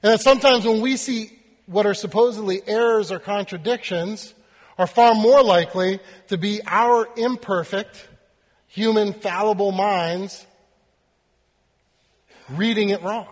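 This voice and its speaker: A man's voice: high voice, a little slow, long reverb tail. A man preaching a sermon, talking to the congregation. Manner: animated storytelling, acting out voices. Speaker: pastor.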